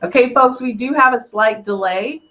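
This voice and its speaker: Woman hosting a couples podcast, teasing guests, kinda high voice. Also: normal speed, bright, forceful tone, muffled recording. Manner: playful, teasing, emotional. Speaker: podcast host. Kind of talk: live relationship podcast chat.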